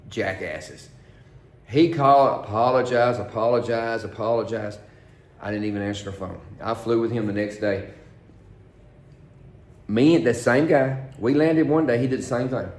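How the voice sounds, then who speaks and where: A man tells casual stories from his flying days, animated and talkative. He acts out the other people's lines with sudden jumps in pitch. His voice has a middle pitch and sounds roomy and echoey. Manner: animated, acts out quoted dialogue. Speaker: pilot telling stories. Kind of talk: casual storytelling.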